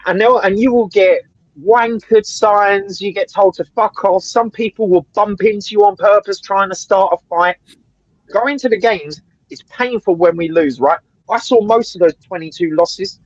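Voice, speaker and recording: High-voiced ranting man, lo-fi dry sound. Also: normal speed, no room sound. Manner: ranting, swears a lot, keeps asking "right?". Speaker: co-host of a fan livestream. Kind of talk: casual heated chat.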